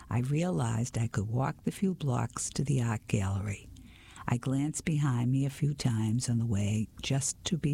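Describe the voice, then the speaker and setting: Male whisper narrator, gravelly and husky, storybook reading. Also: mid-range voice. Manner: slow, hushed reading with small slips. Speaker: reader.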